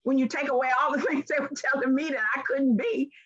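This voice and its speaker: A woman's voice: sits high, fairly quick, lo-fi sound. A woman in her sixties with a Southern American accent, giving an earnest, emphatic motivational talk as a keynote speaker. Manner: earnest and emphatic, with rising animated stretches.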